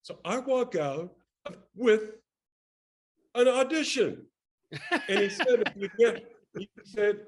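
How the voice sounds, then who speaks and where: An older man with a slightly higher voice spins a long showbiz tale in an interview. He acts out every person he quotes and stumbles over quick restarts as the story runs on. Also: expressive. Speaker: actor telling a career story as interview guest. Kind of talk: animated anecdote in casual interview.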